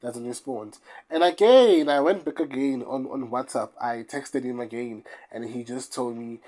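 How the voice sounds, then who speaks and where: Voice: medium pitch, unhurried, dark tone. A young adult from South Africa with a South African accent, telling a personal story in a casual vlog, rambling and repeating phrases for emphasis. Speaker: YouTuber.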